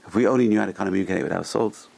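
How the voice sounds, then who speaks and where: Man, rabbi teaching a class, fast talker, gravelly voice, enthusiastic and exclaiming. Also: on the low side, darkish tone. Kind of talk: classroom Torah lecture with storytelling.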